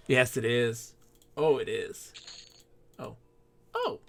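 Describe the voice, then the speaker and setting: A man of ordinary pitch talks through his gameplay in a loose, chatty way, answering viewers and muttering to himself between moves. His voice sits close and dry on the mic, with no room around it. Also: steady tone, moderate pace, creaky, long pauses, no room sound. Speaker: gaming streamer. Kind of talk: live-streamed gameplay chat.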